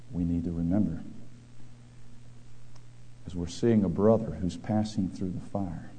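A man preaching a sermon, swinging between loud declaiming and quiet asides. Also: sits low. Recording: long hall reverb.

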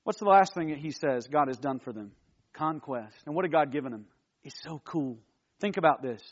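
A man with a high voice leads a youth sermon in a casual, animated way. He keeps throwing rhetorical questions at his young listeners. The recording sounds dull and lo-fi. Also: moderate pace. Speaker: youth pastor.

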